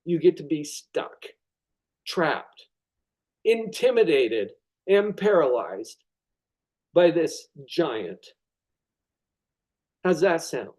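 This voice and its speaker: High-voiced man giving a motivational lecture. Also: low-quality recording. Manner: expressive, dramatizes with acted inner thoughts; deliberate emphatic pauses on key words. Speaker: presenter of a web class.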